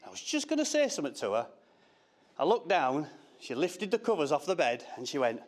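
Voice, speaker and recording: A man's voice: on the high side, sing-song, brisk. A middle-aged father delivers a wedding speech, reading from his notes in a slightly raised voice. He teases his daughter, breaks off with little asides, and chuckles at his own jokes. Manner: jokey, teasing, self-interrupting. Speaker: father of the bride.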